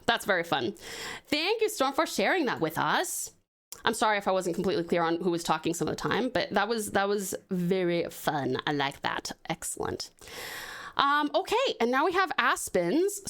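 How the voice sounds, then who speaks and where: A woman's voice: on the high side, fairly bright tone. A woman with an American accent, reading stories and chatting on a live stream, bubbly and often laughing.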